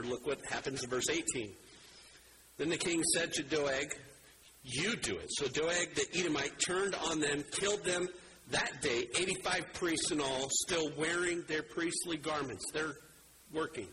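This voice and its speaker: A man preaching a sermon and reading scripture aloud, swinging between animated emphasis and hushed, low delivery. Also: moderate pace, background noise. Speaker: pastor.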